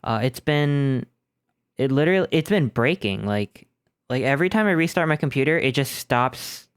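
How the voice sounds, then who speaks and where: Young man, live streamer, casual rambling chat, self-deprecating, desk microphone at home, dry close sound, mid pitch. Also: lively intonation, normal speed, smooth, dry recording. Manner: rambling, chatty, self-deprecating, with many restarts. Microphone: desk microphone through an audio interface.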